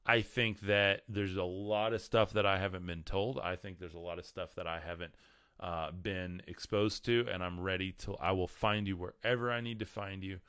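Guy with a low bright voice doing a chill spiritual talk, lots of ums, dry close mic. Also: steady tone, normal speed, clear, resonant tone, dry recording. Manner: rambling, repeats words, many ums. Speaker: spiritual teacher. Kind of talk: casual spiritual talk to viewers.

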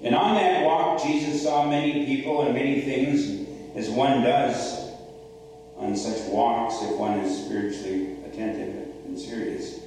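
A man's voice: mid-range voice, measured pace, darkish tone. A male pastor preaching a sermon with emphatic, repetitive storytelling, recorded in a church sanctuary. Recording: echoey church hall, far mic, faint hum.

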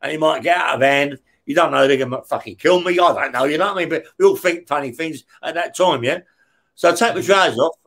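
A man telling stories as an interview guest, blunt and rough-spoken, swearing heavily and tagging his lines with "yeah?". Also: fairly high pitch, fast talker, a bit bright. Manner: heavy swearing, frequent "yeah?" tag questions. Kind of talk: casual storytelling.

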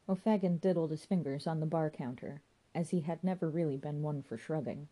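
A woman narrating a story in a wry, measured manner. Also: low voice, warm tone. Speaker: audiobook narrator.

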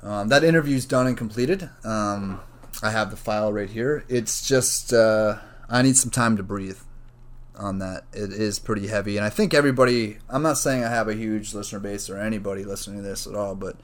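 A man with a slightly low voice talks alone on his podcast, drifting from one idea to the next. He swears freely, piles on filler words and figures things out as he goes. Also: brisk. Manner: rambling, profane, thinks out loud. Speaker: podcast host. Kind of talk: casual solo podcast rambling.

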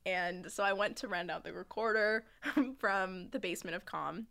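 A woman's voice: medium pitch, moderate pace, creaky, pushed and bright. Chatty young woman telling a story. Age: young adult. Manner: rambling storyteller, laughs often. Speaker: podcast host. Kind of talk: casual chat.

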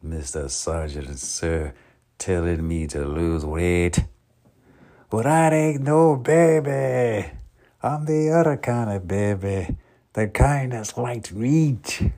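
A man voicing a loud, greedy, heavyset man with a Scottish accent, drawn out and gloating. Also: on the low side, slow pace, pitched above the performer's own voice.

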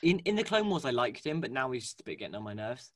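A man co-hosting a casual fan chat, animated and gushing, with lots of fillers and restarts. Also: mid-range voice, fast, dry recording, clean studio sound. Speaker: podcast co-host. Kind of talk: casual fan chat about a cartoon series.

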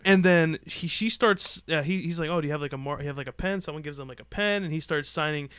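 A man hosting a casual sports podcast, telling stories quickly and in an animated way. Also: fairly high pitch, clear, resonant tone, dry recording. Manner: quick, animated storytelling with mimicked voices. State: sweaty. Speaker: podcast host.

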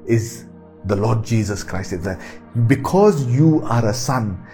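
A man's voice: medium pitch, a little mellow. A man preaching a sermon, repeating key phrases with emphatic, rising delivery.

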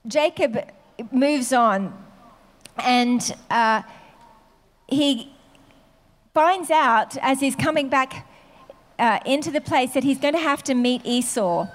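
High-voiced woman preaching informally. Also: slow pace, pauses often. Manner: conversational, with many fillers. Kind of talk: sermon.

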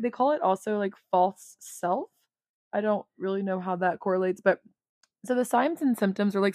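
A woman's voice: medium pitch, dry recording, clean studio sound. A young woman with a Texan accent hosting a solo podcast, chatting casually and confessionally, laughing often and full of "like" fillers. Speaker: podcast host.

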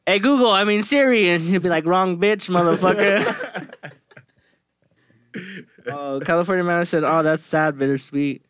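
A man's voice: sits high, normal speed, pauses often, fairly bright tone. A man co-hosting a podcast in casual chat, joking, swearing and laughing often. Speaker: podcast co-host.

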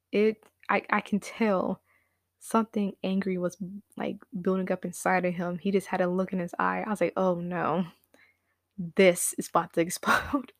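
A woman's voice: dry recording, clean studio sound. A woman casually telling a personal story, acting out what others said with big jumps in her voice. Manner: animated, acts out quotes with big pitch jumps, laughs now and then.

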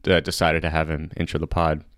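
A young man hosting a casual comedy podcast, chatty and excitable, laughing often. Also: very deep voice, brisk, no echo, clean studio sound. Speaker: podcast host.

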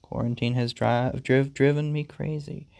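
A game host giving deadpan, amused playthrough commentary and reading the game's story text aloud. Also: medium pitch, normal speed, creaky, no room sound, clean studio sound. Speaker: gaming video host.

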